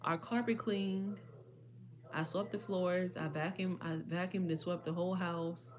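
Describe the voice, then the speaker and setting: A young woman talks casually to her livestream audience, rambling and friendly with lots of y'all. Her voice sits a little low and is slightly hoarse. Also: flat delivery, moderate pace, a little mellow. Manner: chatty, addresses viewers as y'all. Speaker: livestream host.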